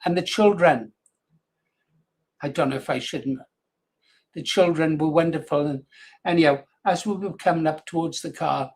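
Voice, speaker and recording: An older man hosts a radio show in a loose, wandering chat and chuckles often between his thoughts. His voice sits a little higher than most men's. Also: normal speed, pauses often, darkish tone. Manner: rambling, anecdotal, chuckling. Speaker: radio presenter.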